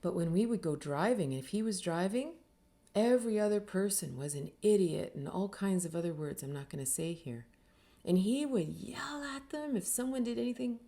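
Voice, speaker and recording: A woman's voice: medium pitch, expressive, moderate pace, vocal fry, warm tone. A middle-aged woman from Canada, an author giving an earnest, reflective talk and briefly acting out the people she quotes. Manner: earnest, acts out quoted voices. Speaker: author and speaker.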